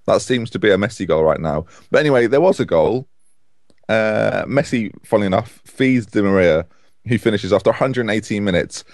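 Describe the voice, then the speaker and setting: Lively low-voiced man chatting football. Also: fairly quick, no echo, studio quality. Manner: animated, opinionated, chatty with restarts. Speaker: podcast co-host. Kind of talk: casual football chat.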